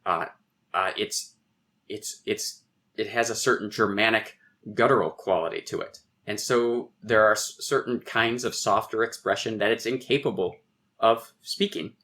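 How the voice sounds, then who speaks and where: Middle-aged guy w/ lowish voice, lecturing on a podcast, lots of restarts and ums. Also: moderate pace, sharp tone. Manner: professorial, thinking aloud with restarts. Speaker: poet and guest. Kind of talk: podcast interview, explaining.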